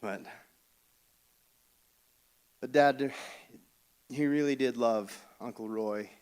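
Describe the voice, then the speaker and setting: A man shares a family story at a funeral. His delivery is halting and conversational, full of restarts and soft chuckles, and his pitch sits in a middle register. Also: smooth. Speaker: family member giving a eulogy.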